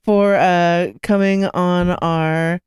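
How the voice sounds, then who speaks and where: A podcast co-host talking casually and deadpan, swearing offhandedly as they read the show out. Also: medium pitch, very slow, clean tone, no room sound, clean studio sound.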